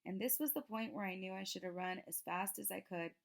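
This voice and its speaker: A woman reads a children's novel aloud in a steady, even narrating voice. Her voice has a gravelly, creaky texture and sits at a middle pitch. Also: brisk. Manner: steady storytelling. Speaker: reader.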